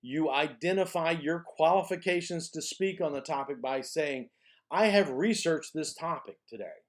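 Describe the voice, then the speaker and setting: A man teaching a college speech course in a recorded lecture, explaining steps one by one, repeating himself and checking in with "okay?", slowing down to stress key phrases. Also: on the high side.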